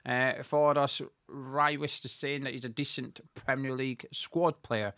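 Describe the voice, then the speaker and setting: A man of middle pitch hosts a relaxed fan chat and reads out viewer comments in a steady, measured way. He pauses on the odd hesitant filler. The sound is dry and close, with no room around it. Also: clean tone, no room sound. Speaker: fan channel host reading viewer comments. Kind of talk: casual live watch-along chat.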